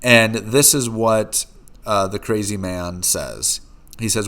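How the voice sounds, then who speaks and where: A man's voice: lowish voice, slow pace, fairly bright tone. A middle-aged man giving a philosophy lecture, talking unscripted with many uh and um fillers. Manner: unscripted, many uh and um fillers, reads quotes with rising emphasis.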